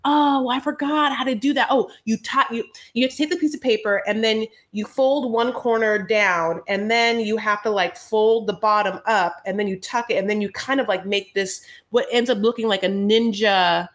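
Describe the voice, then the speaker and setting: A woman's voice: on the high side, steady tone, normal speed, hardly any pauses. A woman co-hosting a podcast, rambling casually with lots of "like" and "you know" and calling people honey. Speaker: podcast co-host. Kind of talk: casual recap chat.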